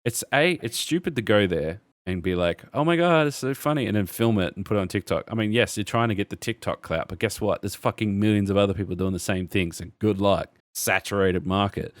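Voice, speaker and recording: Deep-voiced ranting man. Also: fairly quick, hardly any pauses, dry recording, studio quality. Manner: ranting, sweary, sarcastic. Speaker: podcast co-host. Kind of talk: casual podcast chat.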